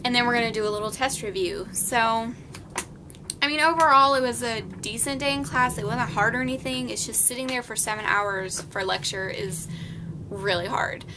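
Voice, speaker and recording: A young woman with a fairly high voice vlogs at a normal speed, with background noise, about what she covered in nursing class. She explains simply, chattily, and with lots of ums.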